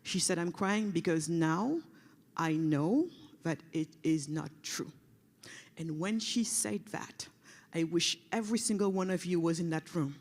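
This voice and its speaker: A woman from Senegal delivers a passionate keynote, storytelling with feeling. Her lines ring through a big hall with a long reverb tail. She sometimes drops to a hushed, soft tone for emphasis. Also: lowish voice, unhurried. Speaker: keynote speaker. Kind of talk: emotional storytelling speech. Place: large conference hall.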